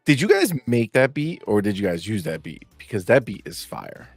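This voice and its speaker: A man's voice: on the low side, very animated, normal speed, dry recording, soft background music. A man as a podcast guest, talking earnestly and with enthusiasm. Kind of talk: casual chat.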